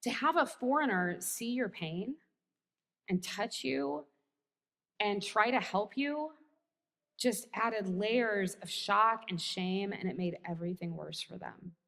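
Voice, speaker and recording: A woman's voice: mid-range voice, lively intonation, slow pace, creaky, a bit bright. American woman pastor, sermon with wry self-mocking humor, long church-hall reverb.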